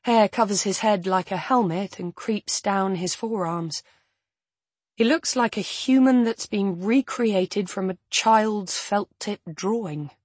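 A woman narrating a first-person audiobook in a measured, even storytelling manner. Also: mid-range voice, slightly rough, no room sound.

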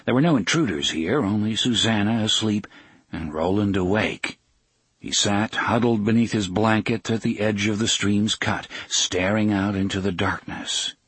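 A man narrating a novel in a measured, steady storytelling manner. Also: lowish voice, slightly rough, no room sound. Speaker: audiobook narrator. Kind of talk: scripted narration.

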